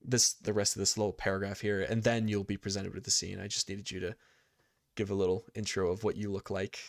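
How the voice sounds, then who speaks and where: A man's voice: low-pitched, flat delivery, fairly quick, creaky, no room sound. A man running a tabletop game as game master, reading scene narration and often stopping to correct himself. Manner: laughs easily, stumbles and corrects himself while reading. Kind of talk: reading tabletop narration and playing side characters.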